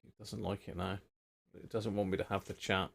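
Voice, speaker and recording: A man's voice: deep voice, flat delivery, a little fast, creaky, a bit bright. A man hosting a live repair stream, thinking aloud in a rambling, casual way and chatting with viewers. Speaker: radio repair livestream host.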